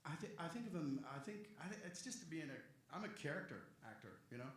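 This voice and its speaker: A middle-aged man, a voice actor answering fan questions at a convention panel, joking and rambling with quick asides. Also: on the high side, animated. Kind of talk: convention Q&A chat. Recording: echoey convention hall.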